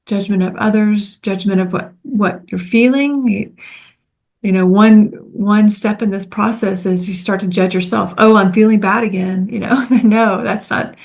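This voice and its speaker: A woman co-facilitator giving a guided teaching talk in a gentle, soft-spoken, reflective way. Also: medium pitch.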